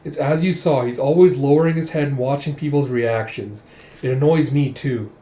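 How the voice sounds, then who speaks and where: A man's voice: mid-range voice, moderate pace, mellow, natural voice. A man voicing a proud, blunt young prince who talks in a curt, matter-of-fact way, recorded in an echoey room. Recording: roomy echo.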